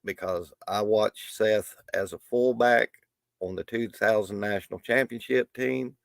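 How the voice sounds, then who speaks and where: A man's voice: on the low side, unhurried, gravelly, dry recording, clean studio sound. A middle-aged man hosting a live stream, talking in a rambling, folksy way with many restarts. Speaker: livestream host. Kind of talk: casual live stream talk.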